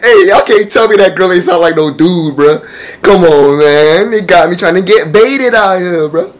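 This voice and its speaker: A man's voice: high-pitched, moderate pace, low-quality recording. A young man chatting casually on a video chat app, roasting the strangers he meets with brash, profane slang and a lot of laughter.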